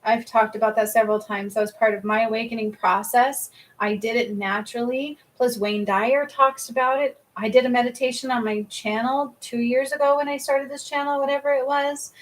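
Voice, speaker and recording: A woman's voice: fairly high pitch, rough recording. A woman giving a live-stream spiritual card reading, talking emphatically, often checking in with "okay?" and swearing casually. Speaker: spiritual reader and healer.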